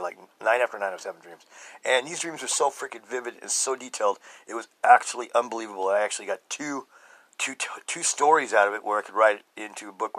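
A middle-aged man hosting a podcast, telling his own story emphatically and swinging between loud outbursts and low murmurs. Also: rough recording. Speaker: podcast host. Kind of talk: personal testimony monologue.

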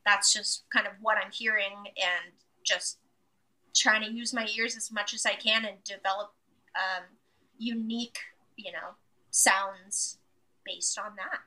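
A woman's voice: medium pitch, fairly even intonation, measured pace, pushed and bright, soft background music. A woman pianist as an interview guest, talking hesitantly and searching for the right words. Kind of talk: casual interview chat.

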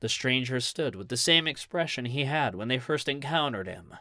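A man reads a short story aloud as a professional narrator, in a measured, steady storytelling voice. His pitch sits in a middle range. The recording is dry and close. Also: no echo. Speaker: audiobook narrator.

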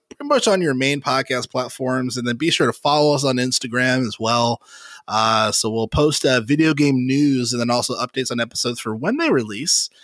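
A man's voice: medium pitch, fairly bright tone, no room sound. A man hosting a casual gaming podcast, rambling with lots of fillers and frequent laughter. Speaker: podcast host. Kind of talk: casual chat.

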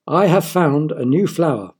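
A man voicing an excited little girl in a children's storybook reading, in a light, eager tone. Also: a little high, normal speed, husky.

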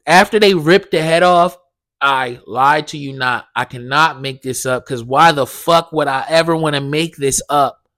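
A young man hosting a podcast, telling a dream story in a casual, animated way, swearing a lot and acting out the dialogue. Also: sits high. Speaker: podcast host.

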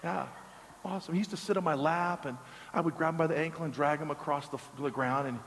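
High-voiced pastor preaching in a reverberant hall. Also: male voice, steady tone, fast talker, a bit bright, a little hiss or hum. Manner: conversational, with joking asides and repeated words. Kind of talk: storytelling sermon. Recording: long reverb of a large hall.

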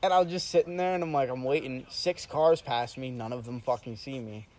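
A young man telling a story in casual chat, animated and profane, often laughing. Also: medium pitch, a little fast, poor audio.

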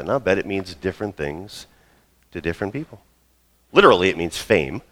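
A man in his role as pastor, preaching a sermon and telling a story with lively asides. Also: sits low, fairly quick. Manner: storytelling, acts out quoted voices.

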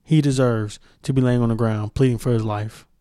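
A man's voice: medium pitch, fairly even intonation, fairly quick, warm tone, clean tone, dry recording, studio quality. A young man hosting a solo podcast, ranting with heavy profanity and mocking impressions. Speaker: podcast host. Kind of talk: heated solo podcast rant.

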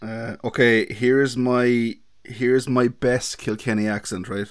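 A man from Ireland talks over a beer on a podcast, casual and hesitant. He often stops and restarts his sentences. His pitch sits in an ordinary middle range. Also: level tone, slow pace, clear, resonant tone. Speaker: podcast co-host, beer reviewer. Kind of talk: casual chat.

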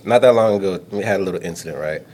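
A man's voice: low voice, very fast, darkish tone, a little hiss or hum. A middle-aged man co-hosting a podcast, telling a family story in casual chat and laughing often. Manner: laughs often, acts out quoted lines. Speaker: podcast co-host.

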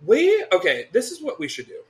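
A man co-hosting a casual chat podcast, animated and quick to laugh, swearing freely. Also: high voice. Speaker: podcast co-host.

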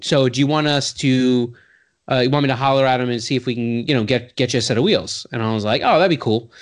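A man, telling a long personal story in casual talk, acting out the voices of the people in it, full of "like" and restarts. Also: medium pitch. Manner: animated, acts out quoted voices with sudden loud jumps; heavy use of "like" and restarts, swears casually. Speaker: guest telling his career story.

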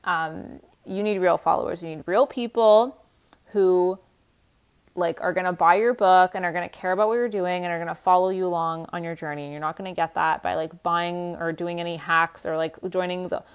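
Chatty young woman, slightly low voice. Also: steady tone, moderate pace, clear, resonant tone. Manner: chatty, many fillers like "like" and "um". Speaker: podcast host. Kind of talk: casual advice podcast.

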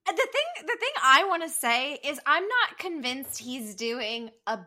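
A woman with a fairly high, bright voice co-hosts a casual movie chat. She is playful and animated as she argues her point, with a forceful edge. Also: measured pace. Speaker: podcast co-host.

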